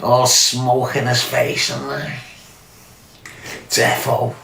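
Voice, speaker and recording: A man's voice: medium pitch, flat delivery, drawn-out words, gravelly, pushed and bright, a little hiss or hum. Scouse man ranting in a roomy space. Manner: profane, mocking, scornful. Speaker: podcast host. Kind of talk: casual ranting commentary.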